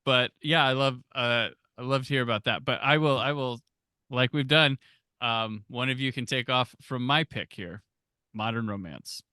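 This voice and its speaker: A man's voice: mid-range voice, normal speed, bright, forceful tone, smooth, no room sound. A man hosting a movie podcast, easygoing and a bit hesitant, with "um" and repeated words, recorded close on the mic. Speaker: podcast host. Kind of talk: casual movie-review chat.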